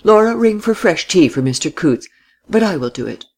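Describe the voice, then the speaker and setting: A reader voicing an old, courtly gentleman who babbles and fumbles with his words in a storybook reading. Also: medium pitch, sing-song, moderate pace, pitched above the performer's own voice. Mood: genial, babbling. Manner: babbling, hesitant, with little "eh? what?" tags.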